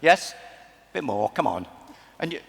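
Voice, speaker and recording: A man's voice: on the high side, big pitch swings, a little slow, vocal fry, a bit bright, husky. A man coaching audience volunteers on a convention stage, playful and theatrical, often laughing. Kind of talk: live stage banter. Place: large convention hall stage with a live audience. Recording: long hall reverb, crowd and noise.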